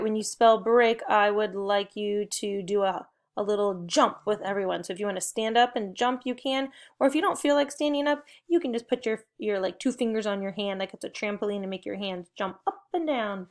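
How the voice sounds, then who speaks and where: A young adult woman, leading a recorded spelling and phonics lesson for young children with cheerful, encouraging call-and-response prompts. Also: fairly high pitch. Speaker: teacher.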